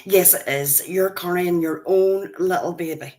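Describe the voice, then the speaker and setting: Chatty woman in her fifties hosting a relaxed livestream, lowish voice, unhurried. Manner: chatty, greets viewers by name. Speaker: livestream host. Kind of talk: casual livestream chat.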